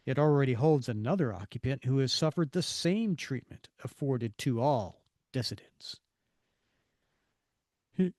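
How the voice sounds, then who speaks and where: A man's voice: mid-range voice, expressive, a little slow, a little mellow, no room sound, studio quality. A man co-hosting a podcast, reading comic narration and dialogue aloud. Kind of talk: comic book read-through podcast.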